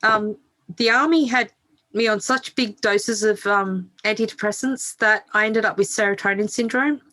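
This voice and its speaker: Frank, bright-voiced woman telling her story. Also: mid-range voice, moderate pace. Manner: frank, swears freely, laughs at own story. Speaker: podcast guest. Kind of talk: candid interview storytelling.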